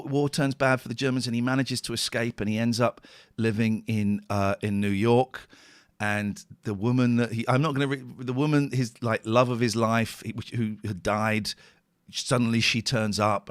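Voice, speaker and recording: A man's voice: medium pitch, smooth, no echo. A middle-aged man hosting a radio show, chatting casually and rambling emotionally, worn out and close to tears. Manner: emotional, rambling, tearful at times. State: tired. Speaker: radio host. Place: radio studio. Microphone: studio microphone.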